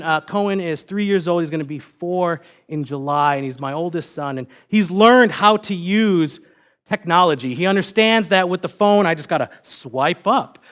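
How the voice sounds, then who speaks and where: A young man preaching a sermon, telling a personal family story in a relaxed, self-deprecating way. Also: high-pitched. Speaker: pastor.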